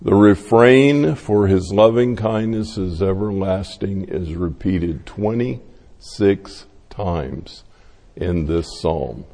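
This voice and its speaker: A man preaching a sermon, telling stories slowly and acting out the voices of the people in them. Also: low-pitched, warm tone, big-room sound. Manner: slow, storytelling delivery acting out quoted voices. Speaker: pastor.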